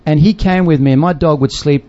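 A man's voice: on the high side, fairly quick, warm tone. An older man, a missionary, telling a story in a casual chat, acting out voices and laughing often. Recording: dull lo-fi sound.

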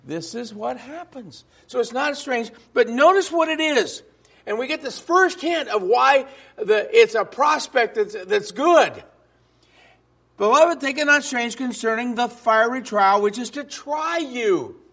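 A man with a strikingly high voice preaches a sermon to a congregation. He talks with emphasis and keeps putting rhetorical questions to the room. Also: lively intonation, unhurried, sharp tone, slightly rough.

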